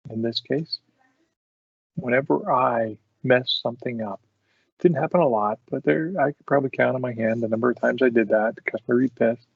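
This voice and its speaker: A man's voice: mid-range voice, a little fast, vocal fry, breathy edge, no echo. A man hosting a podcast, telling work stories casually and often breaking into laughter. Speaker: podcast host. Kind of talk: casual storytelling. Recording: dull dry lo-fi sound.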